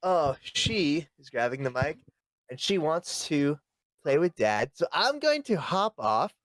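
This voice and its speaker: A man's voice: on the high side, big pitch swings, measured pace, fairly bright tone, dry recording. A man co-hosting a casual podcast chat, crude and sarcastic, rambling with lots of filler words. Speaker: podcast co-host.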